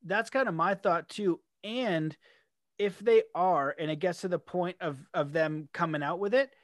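Male podcast host, fairly high voice, dry close sound, rambling, acts out reactions. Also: normal speed, no echo. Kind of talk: casual conversational interview.

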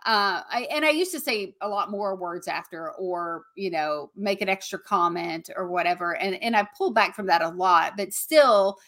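A woman with a Southern American accent co-hosts a podcast in loose, chatty talk. Her voice is bright and forward, and she keeps checking in with a questioning "right". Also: mid-range voice, animated, moderate pace, few pauses. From Southern United States. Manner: chatty, says "right" often. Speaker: podcast co-host, comedian. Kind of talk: casual chat.

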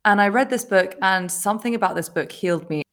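A woman hosting a podcast, telling a personal story in casual conversation, animated and often laughing as she acts out what people said. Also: mid-range voice, fast talker. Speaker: podcast host.

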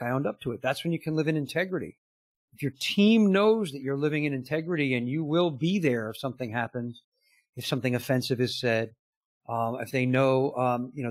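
A man's voice: medium pitch, dry recording. A middle-aged man, a business coach, earnestly telling stories in an interview, full of "you know" and quoted dialogue. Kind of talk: conversational interview answer.

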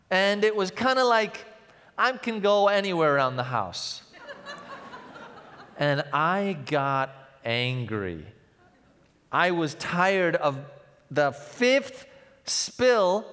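In a large hall, a young pastor preaches a sermon woven with personal stories. His mid-range voice is animated, shifting between loud passages and hushed, tender ones.

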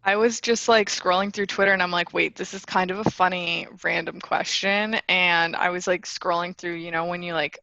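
A young woman co-hosting a podcast, talking in relaxed, casual chat that is full of swearing and "like". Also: fairly low pitch, normal speed, creaky, few pauses, no echo, lo-fi sound. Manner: casual, swears freely, says "like" a lot. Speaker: podcast co-host.

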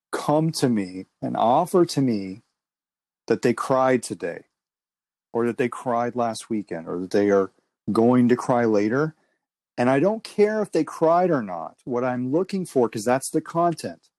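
A podcast host in a reflective conversation, explaining ideas in a calm, measured way with slow emphasis. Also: medium pitch, dry recording.

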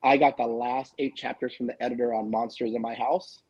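Gravelly husky guy in his 40s, swears a lot, blunt and fired up, casual group chat. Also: mid-range voice, steady tone, a little fast, darkish tone, muffled recording. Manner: candid and profane, emphatic. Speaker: guest author.

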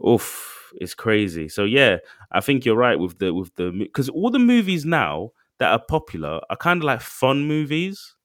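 A man co-hosting a podcast, talking in a casual, excitable way and acting out quotes. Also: medium pitch, moderate pace, hardly any pauses, no echo, studio quality. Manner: animated, excitable, acts out quotes. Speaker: podcast co-host. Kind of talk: casual chat.

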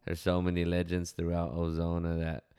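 A man's voice: sits low, monotone, moderate pace, mellow, clear, resonant tone. A young man telling laid-back, profane stories from his hometown. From West Texas. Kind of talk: casual storytelling monologue.

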